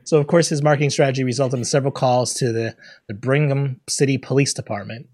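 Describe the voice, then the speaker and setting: A man with a medium-pitched, fairly even, darkish voice talks fast as a podcast co-host in a casual chat. He laughs often, swears now and then, and acts out the people he quotes.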